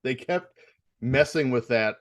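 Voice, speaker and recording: A man's voice: mid-range voice, expressive, unhurried. A man interviewing a guest, asking detailed fan-level questions in a casual tone and chuckling now and then.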